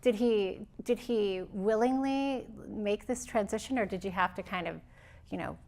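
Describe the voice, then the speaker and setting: Gravelly-voiced woman interviewer. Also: mid-range voice, moderate pace, a little mellow. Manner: curious, responsive, asks follow-up questions. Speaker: interviewer host. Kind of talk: conversational interview.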